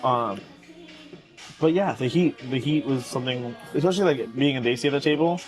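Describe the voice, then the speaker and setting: A man's voice: medium pitch, a little fast, soft background music, low-quality recording. A man sitting at a restaurant table, chatting casually and showing others how to eat. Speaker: guest diner. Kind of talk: casual chat at a meal.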